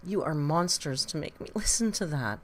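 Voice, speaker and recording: A woman's voice: low voice, animated, normal speed, a little hiss or hum. A woman hosting a casual live-stream reaction, chatty and exclamatory with some swearing. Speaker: livestream reaction host.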